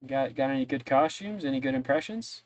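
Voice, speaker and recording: A man's voice: mid-range voice, lively intonation, fairly quick, natural voice, low-quality recording. A man voicing a friendly, gossipy woman innkeeper who rambles with many fillers. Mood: chatty.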